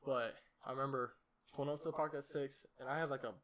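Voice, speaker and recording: A man's voice: mid-range voice, steady tone, quick pace, crowd noise. A young man hosting a podcast, telling a story in a rambling, profane, casual way and laughing at himself. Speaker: podcast host.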